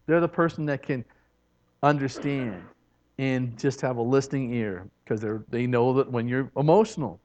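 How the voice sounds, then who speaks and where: A man teaching in church, who often acts out what people say in soft, hushed voices. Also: mid-range voice, normal speed, a little hiss or hum. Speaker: preacher. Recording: dull lo-fi recording.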